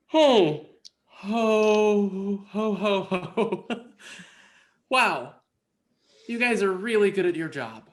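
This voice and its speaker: A man's voice: sits high, very slow, pauses often, pitched above the performer's own voice. A man voicing an emotional, effusive woman from a North Pole agency who stammers her thanks. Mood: jolly.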